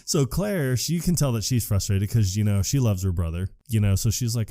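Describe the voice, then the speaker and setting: A man co-hosting a podcast, retelling a film scene in casual chat, quick to quote the characters. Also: fairly low pitch, no room sound, clean studio sound. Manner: animated retelling, quick quotes, frequent laughs. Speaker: podcast co-host. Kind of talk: casual movie recap chat.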